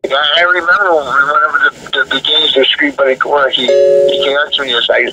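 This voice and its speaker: A man's voice: medium pitch, steady tone, fairly quick, distant mic, low-quality recording. A man in a casual interview, talking about his band in a rambling way, full of fillers and restarts. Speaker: guest musician, death metal vocalist.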